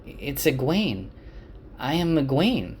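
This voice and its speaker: A man's voice: fairly high pitch, big pitch swings, takes it slowly, darkish tone, a little hiss or hum, voice pushed up. A man voicing a stubborn, determined young woman in a raised voice. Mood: uncertain.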